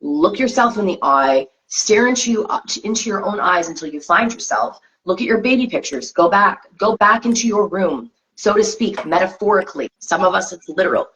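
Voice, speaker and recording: A woman's voice: mid-range voice, lively intonation, moderate pace, hardly any pauses, fairly bright tone. A woman co-hosting a spiritual tarot chat, talking earnestly in repeated coaching phrases over a video call. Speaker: co-host of tarot reading show. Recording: slightly dull lo-fi sound.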